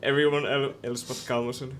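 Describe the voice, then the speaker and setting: A man narrating as game master of a tabletop game, halting with many fillers. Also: medium pitch, level tone, crowd noise. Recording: background music.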